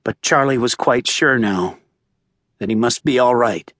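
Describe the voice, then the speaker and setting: A male audiobook narrator reading a thriller in a tense, measured way, close to the mic. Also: mid-range voice, fairly bright tone, dry recording. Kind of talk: scripted narration. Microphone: close studio mic. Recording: dry close-miked studio.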